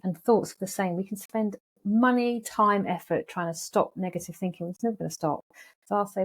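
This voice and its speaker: A woman's voice: medium pitch, a little fast. A woman psychologist, talking animatedly as an interview guest and acting out anxious thoughts. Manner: lively, animated, acts out thoughts in quoted voices. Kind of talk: casual interview talk.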